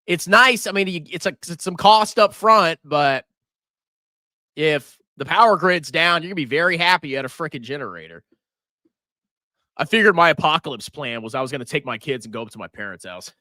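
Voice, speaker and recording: Animated, sharp-toned male stock streamer. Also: fairly high pitch, no room sound, clean studio sound. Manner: excitable, swears freely, quick to laugh. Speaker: finance livestream host. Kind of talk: casual livestream stock commentary.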